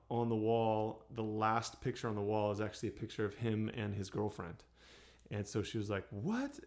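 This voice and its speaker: A singer-songwriter chatting in a relaxed, unhurried way, with many pauses and fillers. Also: male voice, on the low side. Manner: soft, unhurried, with many ums and restarts. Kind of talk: relaxed storytelling between songs.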